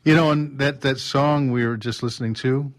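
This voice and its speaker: A man as a podcast guest, telling a story with lively restarts and acting out voices and sounds. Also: mid-range voice, normal speed. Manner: animated, acts out quotes and sounds, many restarts. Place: drum showroom.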